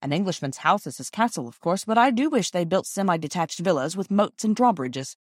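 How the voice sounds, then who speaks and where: A woman reading the part of a cheerful, handy Victorian father in a storybook, in a brisk manner. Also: on the low side, expressive, a little mellow, no room sound, studio quality.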